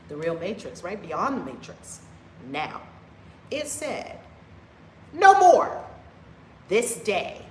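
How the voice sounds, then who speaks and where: Woman spiritual teacher on a livestream, mid pitch, really emphatic and repeats herself a lot, roomy echo with a little hiss behind. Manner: emphatic, repetitive, bursts into loud whoops.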